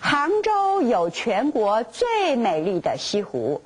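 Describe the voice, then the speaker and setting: A Chinese-speaking woman teaching a language lesson, explaining Mandarin words slowly in careful non-native English. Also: on the high side, wildly swooping pitch, rough recording.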